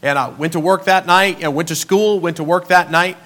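High, bright-voiced preaching man. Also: a little fast. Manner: storytelling, emphatic, swings between soft and loud. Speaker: pastor. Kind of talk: sermon.

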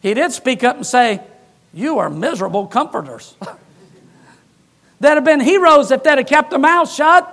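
A man's voice: very high-pitched, lively intonation, unhurried, pauses often, a bit bright. A man, a pastor, preaching a sermon in a church with emphatic, repetitive phrasing and touches of humor.

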